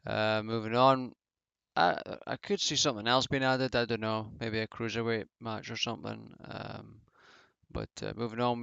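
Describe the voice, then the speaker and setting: Man, gravelly, smooth, rambling casual commentary, dull lo-fi mic. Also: medium pitch, fairly bright tone, no room sound. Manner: rambling, offhand, many fillers. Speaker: wrestling reviewer.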